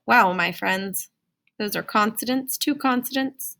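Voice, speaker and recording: Bright-voiced singsong phonics teacher woman. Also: a little high, lively intonation, takes it slowly. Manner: singsong, encouraging, talks to young learners. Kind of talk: phonics lesson for children.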